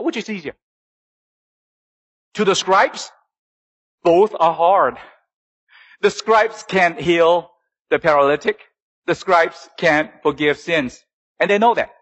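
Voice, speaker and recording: A man's voice: a bit bright, husky, poor audio. Preaching man with rhetorical questions. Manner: preaching with rhetorical questions and sudden rises and drops in pitch. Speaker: pastor. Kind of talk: sermon.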